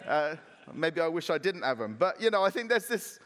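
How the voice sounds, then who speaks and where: A man preaching a sermon as pastor, animated, acting out playful voices in his retelling. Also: on the high side, a little fast, long reverb tail. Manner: animated, acts out voices of clay and potter.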